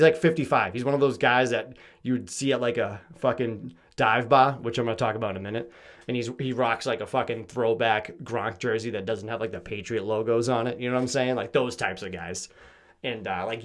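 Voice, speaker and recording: A young man from Massachusetts, hosting a podcast in a casual comedic monologue, swearing freely and acting out quoted lines. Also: medium pitch. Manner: profane, animated storytelling with mock-quoted voices. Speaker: podcast host.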